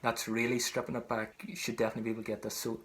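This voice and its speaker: A man's voice: medium pitch, completely flat delivery, rapid-fire, a bit bright. A man teaching a traditional song, speaking patiently and repeating each phrase for learners to sing back. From Ireland. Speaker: singing teacher. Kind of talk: online singing lesson.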